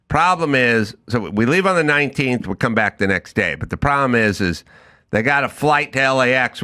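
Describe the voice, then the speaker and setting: Animated, bright-voiced man ranting. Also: medium pitch. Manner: animated storytelling, acting out both sides of a dialogue. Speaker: podcast host. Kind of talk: comedic rant on a talk show.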